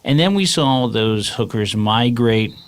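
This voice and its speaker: A man's voice: medium pitch, expressive, a little slow, clean tone. A male comedian guest telling a rambling, casual anecdote on a comedy podcast.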